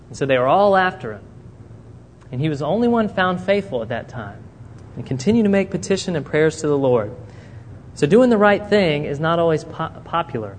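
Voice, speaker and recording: This preacher's voice sits a little high and moves fairly quickly as he recounts a Bible story, voicing the characters' lines with lively, animated delivery. Faint noise and a long hall reverb color the recording.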